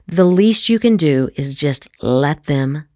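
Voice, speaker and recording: A middle-aged woman giving an acting master class, emphatic and lively, slipping into demonstration voices. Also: deep voice, takes it slowly, no room sound, clean studio sound. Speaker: acting teacher.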